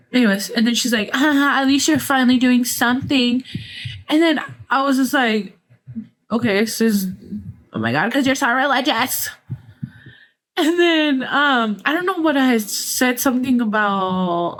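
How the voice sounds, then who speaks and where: A woman's voice: fairly high pitch, fairly bright tone. A woman with a Mexican-American accent hosting a podcast, telling gossipy stories in casual chat, blunt, sarcastic and full of swearing. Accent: Mexican-American English with Spanish phrases. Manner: candid, profane, gossipy, sarcastic. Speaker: podcast host.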